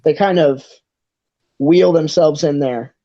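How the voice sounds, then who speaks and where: A game master narrating a tabletop game in a halting way, full of fillers and restarts. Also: medium pitch, mellow, lo-fi sound. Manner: hesitant, many fillers and restarts.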